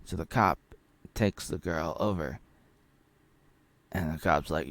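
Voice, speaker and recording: A man's voice: a bass voice, takes it slowly, a bit bright, no room sound. A man casually recapping an old film, rambling and joking as he retells the plot. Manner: rambling, jokey retelling with acted-out quotes. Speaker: film reviewer.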